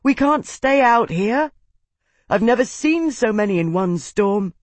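A man's voice: high voice, expressive, slow, a little mellow, dry recording, voice pushed up. A man voicing a frightened young man in an audiobook, blurting and swearing in alarm.

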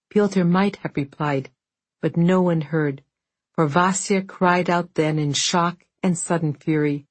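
A woman narrating an audiobook in a measured, steady storytelling manner. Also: on the low side, slightly rough, dry recording.

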